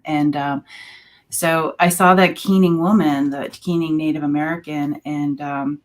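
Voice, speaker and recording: A woman with a somewhat low voice recounts a personal experience as a show guest. She pauses often on fillers as she talks and picks her words slowly. Her delivery is conversational and unscripted. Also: steady tone. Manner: halting, many filler pauses.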